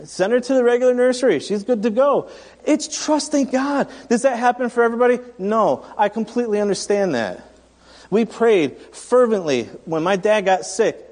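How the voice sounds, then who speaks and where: A man's voice: high-pitched, fairly quick, a little mellow, big-room sound. A man in his thirties preaching a sermon in a conversational, storytelling way, often restarting his sentences. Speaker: pastor.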